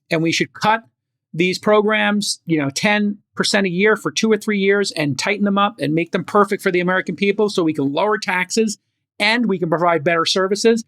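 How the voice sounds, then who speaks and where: A man's voice: high-pitched, fairly bright tone, no echo. Brash man riffing on a podcast, dry sound. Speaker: podcast co-host. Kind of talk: casual panel chat.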